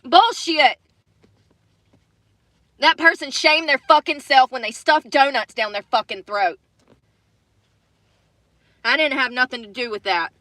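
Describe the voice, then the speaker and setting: A woman's voice: high voice, a little slow, pauses often, pushed and bright, dry recording. A woman on a livestream, ranting angrily with a lot of swearing and repeated phrases, sometimes close to tears. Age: adult with children. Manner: angry, swearing, repeating herself. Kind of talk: emotional livestream rant. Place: in her car.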